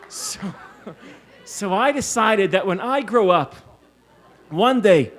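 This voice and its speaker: A middle-aged man raised in Israel lectures at a conference, with a slightly raised pitch for a man. He tells self-mocking stories and laughs often. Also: animated, slow pace, a little hiss or hum. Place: conference hall.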